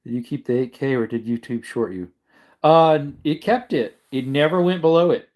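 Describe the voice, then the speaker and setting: A man's voice: mid-range voice, moderate pace. A man hosting a casual livestream, talking in a rambling way and correcting himself, tired and yawning. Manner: rambling, self-correcting, relaxed. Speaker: livestream host.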